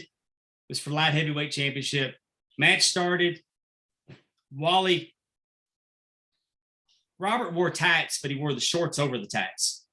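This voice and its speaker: Bright-voiced man telling wrestling stories. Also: a little high. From Texas. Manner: animated anecdotal storyteller, acts out quotes. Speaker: wrestling referee guest. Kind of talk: casual storytelling interview.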